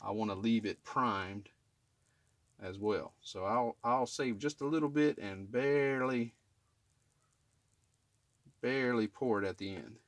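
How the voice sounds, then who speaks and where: With a medium-pitched voice, a middle-aged HVAC technician takes his time, leaving long pauses as he walks viewers through cleaning a drain line. No room sound comes through on the camera he uses to film himself in the home attic. He talks plainly in this casual how-to, repeatedly asking "okay?"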